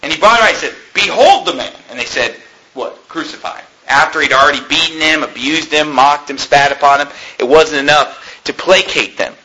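A man preaching a sermon as pastor, emphatic, with repeated phrases and sudden loud peaks. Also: on the high side, steady tone, brisk, a little hiss or hum, rough recording.

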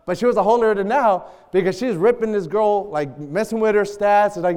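A man preaching a sermon, bantering loudly with the congregation in call and response. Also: high voice, quick pace, few pauses, smooth. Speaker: pastor. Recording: long hall reverb.

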